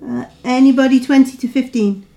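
A woman acting as game master of a tabletop game, calling rolls and damage with quick fillers. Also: high-pitched, steady tone, gravelly, dark tone, soft background music. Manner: brisk rules calls with fillers.

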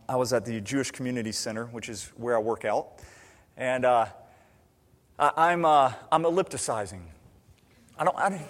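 A man's voice: high voice, in a large hall. A male pastor preaching a sermon in a conversational way, often restarting and correcting himself.

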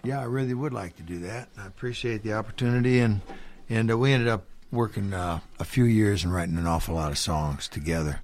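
A man's voice: on the low side, brisk, darkish tone. A male musician telling a story on live radio in a rambling, laid-back way, with many fillers. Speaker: musician guest. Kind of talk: casual storytelling.

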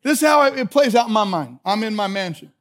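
A male pastor preaching a sermon, animated and joking, moving between quiet remarks and loud hollering. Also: high voice, fast talker, noisy background.

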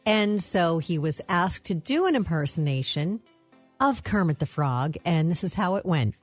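A woman's voice: on the low side, lively intonation, normal speed, no echo, faint music behind. A woman co-hosting a radio morning show, chatting in an upbeat, teasing way. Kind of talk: casual chat.

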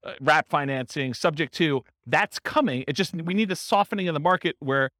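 Fast-talking man teaching real estate investing. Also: on the high side, fairly bright tone, dry recording, clean studio sound. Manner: fast, conversational, thinks aloud with rhetorical questions. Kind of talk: live class Q&A answer.

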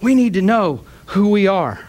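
A man preaching a sermon with passion, climbing to shouts and then dropping soft, tearful at times. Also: high-pitched, very animated, normal speed.

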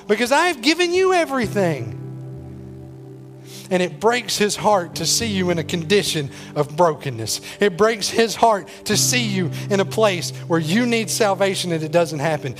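Emotional high-voiced preacher. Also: male voice, moderate pace, hardly any pauses, faint music behind. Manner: emotional, swinging from loud pleading to quiet intensity. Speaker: pastor. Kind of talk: sermon.

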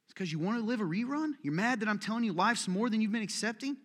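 Talking fast in a high, animated, somewhat bright voice, a man preaches a sermon in a large church hall. The pastor keeps it casual, joking with the congregation and pressing them with pointed questions.

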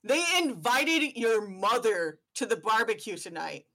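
A woman's voice: fairly high pitch, sing-song, measured pace, sharp tone, exaggerated voice. A woman voicing a fussy, snobbish middle-aged dad who rants in disbelief. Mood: incredulous rant. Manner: ranting, incredulous, whiny.

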